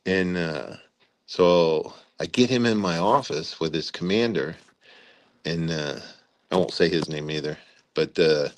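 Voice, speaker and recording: An older retired army general telling stories in an interview, rambling with restarts and acting out quotes loudly. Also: male voice, sits low, unhurried. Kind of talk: storytelling interview.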